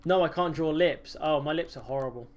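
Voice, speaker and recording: A man's voice: a little high, a little fast. A young man chatting casually on a game livestream, self-mocking and joking, often breaking into laughs. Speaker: streamer.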